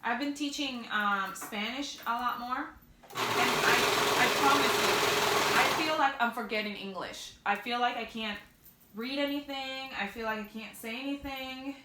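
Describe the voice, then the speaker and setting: A woman's voice: fairly high pitch, moderate pace, roomy sound, very noisy. A young woman talking through a sewing project in a casual, chatty way, often correcting herself. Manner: chatty, self-correcting, upbeat. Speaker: sewing instructor.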